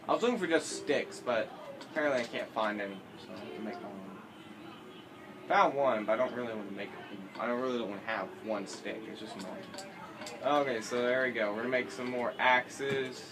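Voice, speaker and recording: A man's voice: medium pitch, normal speed, pauses often. A teenage boy giving casual, rambling commentary over a building game, often correcting himself and joking. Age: teens. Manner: rambling, self-correcting, jokey. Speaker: gameplay commentator. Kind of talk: casual let's-play commentary. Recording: noisy home recording.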